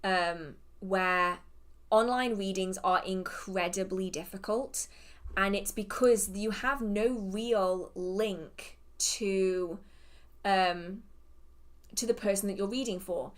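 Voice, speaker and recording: A woman's voice: mid-range voice, slow pace. A woman with an English accent hosting a casual livestream Q&A, chatty and self-deprecating, laughing often and muttering to herself between questions. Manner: hums and mutters to herself while scrolling. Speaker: host of a live witchcraft Q&A.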